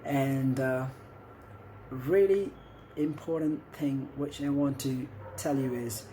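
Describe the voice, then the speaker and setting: A man's voice: medium pitch, slow, warm tone, slight background noise, rough recording. A man with an Indian English accent giving encouraging tips on learning an accent, often checking in with "okay?". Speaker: accent coach. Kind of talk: instructional talk to camera.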